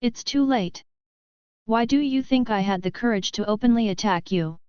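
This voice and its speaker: A woman's voice: fairly high pitch, normal speed, a little mellow, smooth, no echo, close to an everyday voice. A woman narrator reading the lines of a sinister, contemptuous male martial villain from a storybook. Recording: dull lo-fi audio.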